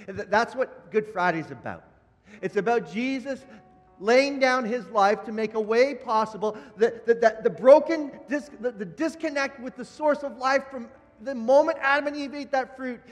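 A man preaching a Good Friday sermon with passion, dropping to a hush and then rising loud. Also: high voice, long reverb tail. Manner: impassioned preaching, swinging from hushed to loud. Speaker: pastor.

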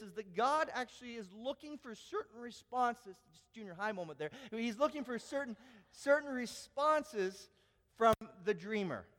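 A man preaching a sermon to a congregation, animated, acting out quoted voices and reading scripture aloud. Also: sits high, in a large hall. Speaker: pastor.

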